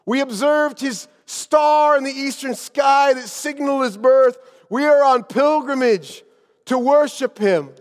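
A man doing an outspoken traveling sage who proclaims at full voice and high in pitch, with his words ringing out through a large echoey hall. He sounds bold and insistent. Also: measured pace. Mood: proclaiming. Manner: loud, proclaiming.

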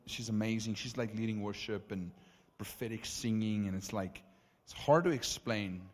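A man preaching as the preacher, telling stories in an animated, conversational way with many asides. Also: lowish voice. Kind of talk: sermon storytelling. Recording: reverberant hall.

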